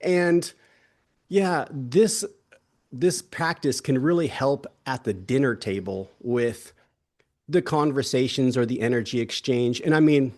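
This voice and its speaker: An easygoing young adult man co-hosts a wellness summit, chatting casually in a medium-pitched, slightly mellow voice at a somewhat slow pace. He rambles with many restarts and asides and slips in playful jokes.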